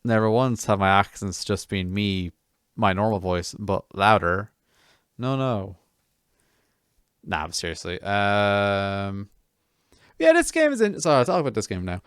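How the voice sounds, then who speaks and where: A man's voice: lowish voice, sing-song, measured pace, long pauses, fairly bright tone, clear, resonant tone, no echo, clean studio sound. A man streaming a game, chatting casually with viewers in a rambling, self-mocking way full of restarts.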